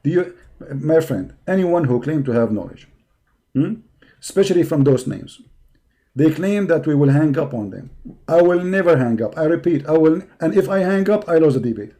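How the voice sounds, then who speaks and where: A hoarse man hosting a live stream, delivering a combative, mocking rant that taunts his opponents. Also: on the high side, lively intonation, moderate pace, warm tone. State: hoarse from hours of talking.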